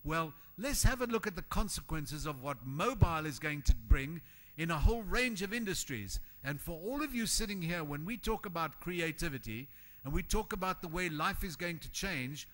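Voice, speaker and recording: A man giving a motivational conference talk to an audience in a hall, animated and emphatic, acting out the voices of the people he quotes. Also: fairly high pitch, normal speed. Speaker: conference keynote speaker.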